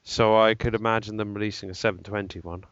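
A man hosting a casual tech podcast, rambling and halting through speculation with lots of fillers. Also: on the low side, flat delivery, a bit bright, smooth, no room sound, lo-fi sound. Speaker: podcast host.

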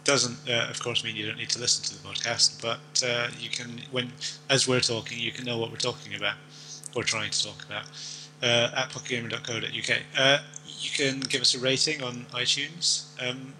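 Bright-voiced man hosting a podcast. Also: mid-range voice, flat delivery, fairly quick, slight background noise, rough recording. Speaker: podcast co-host. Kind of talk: casual chat.

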